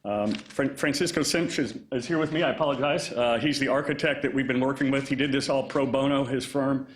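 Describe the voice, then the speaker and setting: Chatty mayor in an echoey room. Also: male voice, medium pitch, a little fast. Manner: relaxed, chatty, many fillers. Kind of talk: press conference remarks. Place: indoor press conference room.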